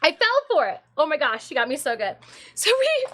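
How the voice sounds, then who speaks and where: A high-pitched woman from Michigan chats on her live stream and tells stories excitedly, often laughing. Her voice sits well above most women's. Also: brisk. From Michigan, USA. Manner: giggly, excitable storyteller, often breaking into laughter. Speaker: streamer and cosplayer. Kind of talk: casual live-stream chat.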